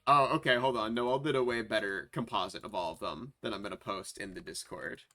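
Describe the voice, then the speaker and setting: A man hosting a livestream in casual chat, animated and profane, laughing often and restarting his sentences. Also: fairly low pitch, a little fast, faint music behind. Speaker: streamer, host.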